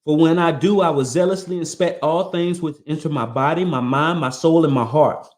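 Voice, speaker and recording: A man's voice: a little high, normal speed, a little mellow. A man hosting a podcast, reading a motivational text aloud in an earnest, emphatic way and breaking off for casual asides. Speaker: podcast host.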